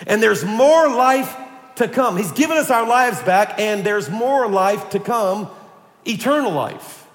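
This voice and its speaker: A man pastor delivering an energetic, animated sermon to his congregation, calling for amens. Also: high-pitched, measured pace. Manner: energetic, animated preaching with call-and-response. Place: church sanctuary. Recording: echoey church hall.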